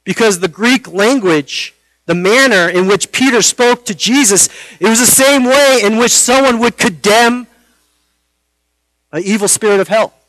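A man's voice: sits high, a bit bright, no echo, low-quality recording. Male pastor, earnest preaching delivery, dry close sound. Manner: earnest preaching with dramatic pauses and rhetorical questions. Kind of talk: sermon.

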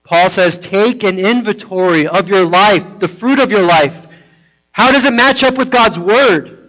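A man with a high voice preaching a sermon. He is earnest, and his teaching slips into hushed, tender storytelling. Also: unhurried, rough recording. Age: adult, parent of a foster daughter. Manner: earnest, drops softly into personal stories. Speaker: pastor.

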